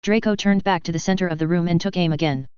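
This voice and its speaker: A woman reads a story aloud with a very clear, smooth voice pitched a little low. She keeps a steady, even storytelling pace. The recording sounds dry and slightly dull. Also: fast, no echo. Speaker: narrator. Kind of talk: audiobook reading of fan fiction.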